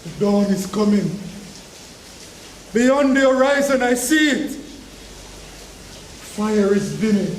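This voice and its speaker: A remorseful fisherman disciple torn by guilt, played by a man in a stage monologue. The voice sits very high and the delivery is slow and deliberate, rising to frantic shouted denials. It is heard from a distance in a very echoey room with faint hiss. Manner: swings from hushed brooding to frantic shouted denials. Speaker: drama ministry actor.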